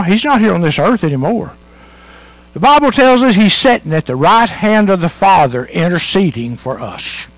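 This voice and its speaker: A man preaching an earnest sermon, pressing his points again and again. His voice sits high and swings widely in pitch. The sound is dry and close, with little room echo. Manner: earnest, repetitive emphatic preaching with storytelling. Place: church.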